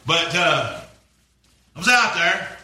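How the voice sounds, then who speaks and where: A man's voice: on the high side, expressive, slow pace, sharp tone, echoey room, rough recording. A man preaching a rambling, folksy story-sermon, repeating himself as he goes.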